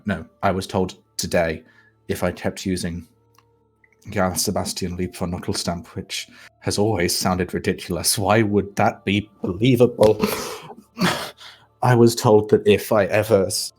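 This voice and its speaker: A man voicing a male con artist who drops a posh act for an Irish accent, slow and halting. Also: low-pitched, fairly even intonation, a little mellow, soft background music. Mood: confessional.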